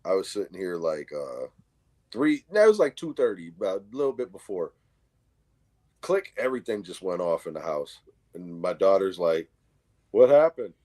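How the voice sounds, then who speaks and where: A middle-aged man with a New York accent, co-hosting a casual chat and telling animated stories full of swearing, acting out what people said. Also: sits low, moderate pace. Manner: animated storyteller, acts out quotes, heavy swearing. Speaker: co-host.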